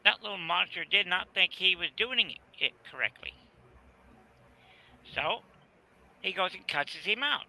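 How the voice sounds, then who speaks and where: A man's voice: high voice, expressive, unhurried, gravelly, long pauses, pushed and bright, low-quality recording. A man from Arizona, telling rambling folksy stories in a casual video chat. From Arizona, USA. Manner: rambling storyteller, folksy, repeats "right there".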